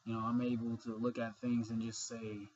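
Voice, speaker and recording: A man's voice: mid-range voice, monotone, moderate pace, a little mellow, highs cut off, a little hiss or hum. A young man vlogging in a rambling, earnest monologue full of fillers and swearing, sleepy and yawning. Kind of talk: casual monologue.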